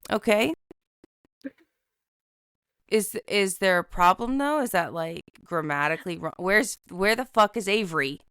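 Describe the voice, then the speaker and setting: A woman's voice: medium pitch, animated, unhurried, pauses often, fairly bright tone, clean tone, no room sound, studio quality. A woman co-hosting a podcast in casual chat, giggly, swearing freely and joking at her own expense. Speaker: podcast co-host.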